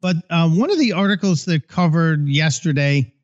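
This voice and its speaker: A man co-hosting a political talk podcast, conversational and a bit halting. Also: fairly high pitch. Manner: conversational, hesitant restarts. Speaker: podcast co-host. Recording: dull lo-fi sound.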